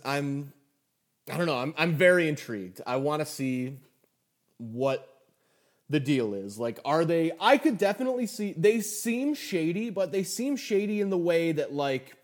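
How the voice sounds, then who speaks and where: A young man with a fairly high voice co-hosts a casual podcast chat. He is excitable and quick to laugh, tripping over himself with enthusiasm as he recaps what he watched. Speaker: podcast co-host.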